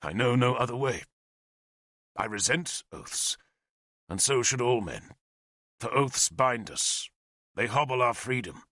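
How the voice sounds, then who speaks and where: A man's voice: medium pitch, expressive, measured pace, pauses often, sharp tone, no echo, clean studio sound. A man reading the part of a grieving, oath-bound middle-aged warrior king, grave and brooding. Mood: anguished. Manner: grave and brooding, breaking into weeping and rage.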